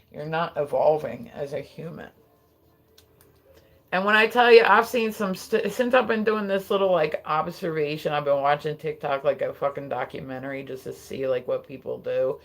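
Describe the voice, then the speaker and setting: A live streamer with a New Jersey accent, chatting casually into a phone and swearing freely as they drift from one tangent to the next. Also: medium pitch. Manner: rambling, profane, tangent-prone.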